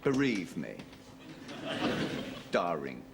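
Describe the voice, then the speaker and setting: A man's voice: drawn-out words, vocal fry, heavy background noise, full character voice. An actor playing a charming, wheedling, womanizing middle-aged husband in a sitcom. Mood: coaxing. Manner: charming, wheedling, with lively pitch swings. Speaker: philandering husband. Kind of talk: studio sitcom acting.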